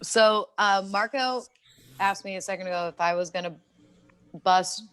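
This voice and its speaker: A woman's voice: medium pitch, moderate pace, a bit bright, smooth. A young adult woman co-hosting a casual podcast chat, swearing freely, laughing and rambling through her stories. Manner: profane, laughing, rambling storyteller. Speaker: podcast co-host.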